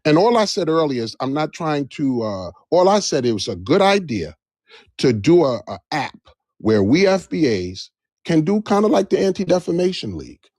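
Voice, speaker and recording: A man's voice: a little high, big pitch swings, moderate pace, darkish tone, no room sound, studio quality. A man speaking in an impassioned live discussion, emphatic and repeating phrases for stress. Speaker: livestream debate participant. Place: Georgia area, on a live stream.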